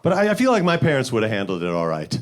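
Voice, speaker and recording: A man from the Bronx doing a stand-up set, deadpan setups that jump to loud high voices for punchlines. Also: rapid-fire, a little hiss or hum. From the Bronx, New York. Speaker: stand-up comedian. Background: audience laughter.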